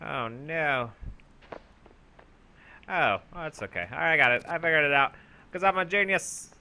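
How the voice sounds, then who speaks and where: A young man commentating his own gameplay, bragging goofily about being a genius and yelling for help in mock panic. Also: fairly high pitch, measured pace, a little hiss or hum. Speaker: gaming YouTuber. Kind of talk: let's play commentary.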